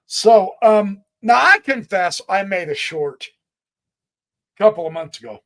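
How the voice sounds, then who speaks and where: A man hosting a live chess stream, chatty and excitable, calling out moves as he plays them and thinking aloud, a bit sneezy today. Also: high voice, measured pace. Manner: chatty, excitable, exclamations and laughs. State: sneezy, stuffed up. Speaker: chess livestream host.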